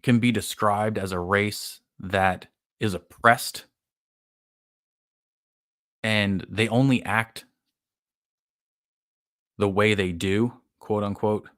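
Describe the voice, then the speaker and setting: Hosting a live podcast, this low-voiced man rambles through a recap of a show, leaning on filler words and tossing in casual profanity. His sound is close-miked and dry, fairly bright in tone, with no room sound at all.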